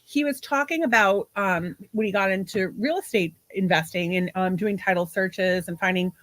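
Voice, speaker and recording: A woman's voice: mid-range voice, normal speed, fairly bright tone, no echo. A woman in her forties co-hosting a podcast, chatting casually with lots of laughter and some swearing. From half Portuguese. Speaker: podcast co-host. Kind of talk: casual livestream chat.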